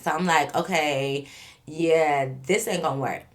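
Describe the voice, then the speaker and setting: Lively storytelling woman, lowish voice. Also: measured pace. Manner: animated, acts out both sides of the story; profane, addresses viewers as y'all. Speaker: vlogger.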